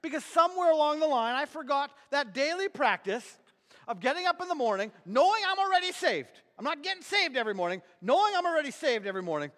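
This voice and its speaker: A male preacher with a very high-pitched voice drives each point home with emphatic repetition. His energetic sermon rings through a church hall. A long reverb trails behind his words. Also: fast. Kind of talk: sermon with object lesson.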